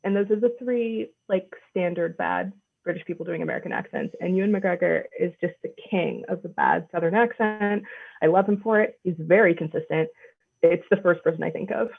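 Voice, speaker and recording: A woman co-hosting a casual chat, with a low, husky voice and a gravelly creak. She talks in a relaxed, thoughtful way and laughs easily. Her audio comes through thin and phone-like. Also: a little fast. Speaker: podcast co-host. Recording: tinny phone-like line.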